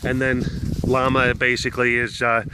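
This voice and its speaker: Background noise sits under a young man's mid-range voice as he tells the camera a rambling story at normal speed. The vlogger, known for his big cats, is casual and animated, slipping into different voices.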